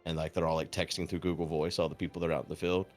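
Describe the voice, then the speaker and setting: Talking rapid-fire on his stream, a man with a low voice spins a long, swear-filled story with a deadpan delivery. He imitates each character's voice, and quiet music drifts in the background.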